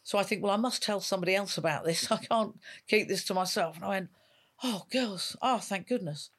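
A woman's voice: medium pitch, steady tone, quick pace, fairly bright tone. A woman in her fifties, a retired police dog handler, telling stories in an interview and acting out the dialogue she quotes. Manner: vivid storyteller who acts out quoted dialogue. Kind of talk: emotional storytelling in an interview.

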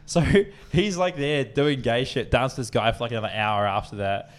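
Speaking at a normal speed in a medium pitch, this young podcast co-host wanders through a long story, swearing freely and acting out quotes. It's a casual storytelling chat.

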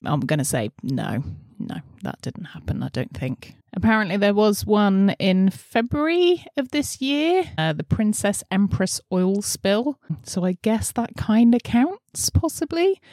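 A woman's voice: medium pitch, darkish tone, no room sound, clean studio sound. A woman hosting her channel, chatting casually to camera from a messy bedroom office, giggling and poking fun at herself. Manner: chatty, giggly, self-deprecating. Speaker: channel host. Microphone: laptop setup with headphones.

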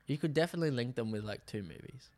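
A man co-hosting a podcast in casual chat, relaxed and patient as he explains things. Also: medium pitch, rapid-fire, no room sound. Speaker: podcast co-host.

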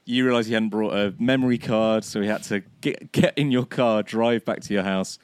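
A man co-hosting a casual cricket podcast outdoors, slightly hoarse from laryngitis, chatty and self-deprecating with many restarts. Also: lowish voice, normal speed, no room sound, studio quality. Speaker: podcast co-host. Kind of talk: casual chat. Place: outdoors, sunny and breezy.

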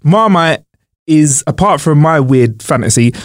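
A man chats on a podcast in a slightly high, lively voice. He rambles and hedges with plenty of fillers. His voice sounds close and dry, with no room echo. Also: a little slow. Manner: rambling, hesitant, many fillers. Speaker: podcast co-host. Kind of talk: casual podcast chat.

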